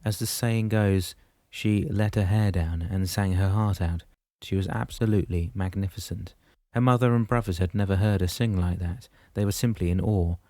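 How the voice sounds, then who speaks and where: Deep, mellow male audiobook narrator. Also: moderate pace, no echo, clean studio sound. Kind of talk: scripted narration.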